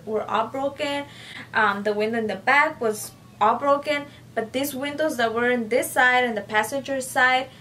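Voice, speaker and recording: Bright-voiced woman telling a story. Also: a little high, recorded from a distance. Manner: chatty, full of "like" and "you know", talks to viewers as "guys". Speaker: YouTuber. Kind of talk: casual storytime vlog. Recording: voice a bit off-mic, faint background noise.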